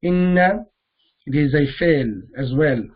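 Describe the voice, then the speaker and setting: A man teaching Arabic grammar in a classroom lesson, explaining slowly and repeating the words he recites. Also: a little high, dull audio.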